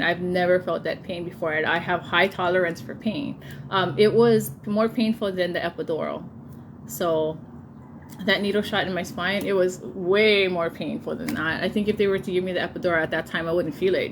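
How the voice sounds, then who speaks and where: A woman in her thirties casually telling a personal story, laughing often and getting animated when she quotes people. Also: lowish voice, normal speed, background noise. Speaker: vlogger telling a birth story.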